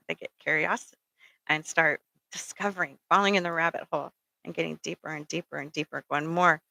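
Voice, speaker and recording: Bright, rambling woman giving spiritual advice. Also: on the low side, dry recording, rough recording. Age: middle-aged. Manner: rambling, frequent ums and "okay?". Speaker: spiritual speaker. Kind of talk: casual spiritual advice talk.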